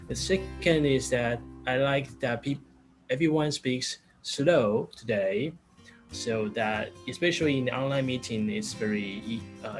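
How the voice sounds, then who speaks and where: A man sums up the meeting over a video call in plain, unhurried English, going through his points one at a time with small pauses. Music plays clearly underneath his voice. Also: medium pitch. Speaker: general evaluator. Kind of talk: online meeting report.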